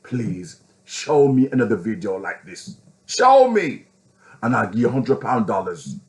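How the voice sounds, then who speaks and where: A man delivering an impassioned, preachy monologue as an online commentator, asking rhetorical questions and swinging from a raised voice to a hush. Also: lowish voice, animated, normal speed.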